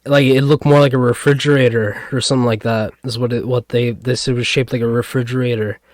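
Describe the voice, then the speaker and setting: A man's voice: medium pitch, flat delivery, fast, no echo, studio quality. A man co-hosting a casual podcast, rambling and hesitant with lots of fillers and restarts. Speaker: podcast co-host.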